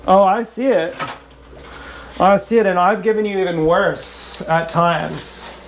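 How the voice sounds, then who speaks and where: A woman's voice: fairly low pitch, fairly even intonation, takes it slowly, noisy background. A woman talking in a rambling, improvised livestream monologue, blunt, sarcastic and mocking herself. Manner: wandering, half-improvised talk. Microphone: action camera.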